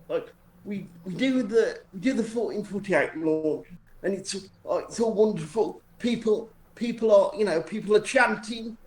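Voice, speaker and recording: A man's voice: high-pitched, a little mellow. A man spins a loose, self-mocking anecdote for a live audience of friends. He circles back and restarts his sentences as he goes. His voice bounces around an echoey room over a faint hiss. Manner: rambling, self-deprecating, with many restarts. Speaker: storyteller on a live stream show. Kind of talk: casual anecdotal storytelling.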